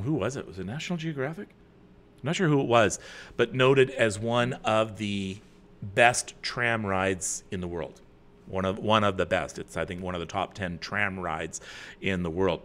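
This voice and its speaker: A middle-aged man from Canada hosting a live chat, reading viewer comments with loud bursts and quiet asides. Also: fairly low pitch, a little slow, a little hiss or hum. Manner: chatty, with many fillers and restarts. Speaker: host.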